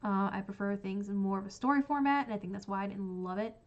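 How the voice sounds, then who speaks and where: A woman's voice: medium pitch, fast, dull audio. A woman casually ranking books she has read on a stream, rambling with many fillers. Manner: rambling, frequent ums and likes. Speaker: book streamer. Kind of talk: casual book ranking chat.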